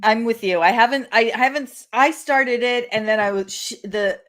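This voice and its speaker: A woman co-hosting a casual chat about dramas, talking in a relaxed, chatty way and laughing easily. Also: a little high, moderate pace. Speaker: co-host.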